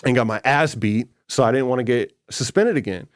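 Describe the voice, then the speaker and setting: A man of middle pitch talking as a guest on a podcast, rough and casual, swearing freely. He fills his story with street slang and voices the other people in it as he goes. His tone stays conversational and unscripted. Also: brisk. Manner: profane, slangy, keeps saying bro and dude; acts out other people's words mid-story.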